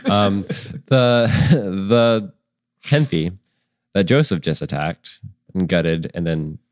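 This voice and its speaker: Low, slow-talking male dungeon master. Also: no echo, studio quality. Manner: rambling, many ums, laughs at himself. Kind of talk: running a tabletop game, casual.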